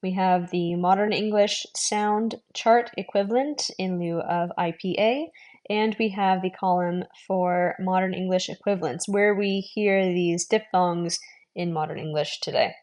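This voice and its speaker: A young adult woman giving a video language lesson, patiently explaining and repeating sounds slowly so learners can follow. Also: on the low side, fairly even intonation, darkish tone. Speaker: language teacher.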